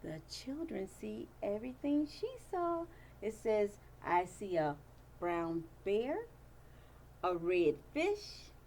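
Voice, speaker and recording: A teacher reading a picture book aloud to young children, using a sing-song, playful delivery and stopping to ask them questions. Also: female voice, mid-range voice, darkish tone, a little hiss or hum.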